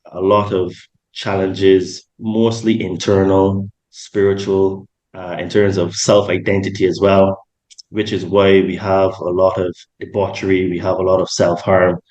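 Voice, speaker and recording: Rambling podcast host, low voice. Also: male voice, little pitch movement, unhurried, a little mellow, low-quality recording. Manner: rambling, many ums and self-corrections. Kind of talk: casual podcast interview.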